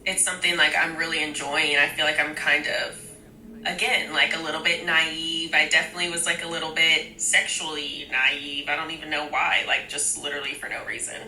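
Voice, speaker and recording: Woman, low pitch, tense bright edge, hesitant and emotional, roomy. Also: little pitch movement, fairly quick, slight background noise. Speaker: reality show participant. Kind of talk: confessional interview.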